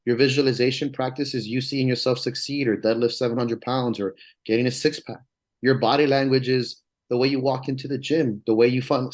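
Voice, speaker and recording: A man, a strength coach, talks as a podcast guest in a casual way that is emphatic, profane and rambling, but earnest. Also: medium pitch.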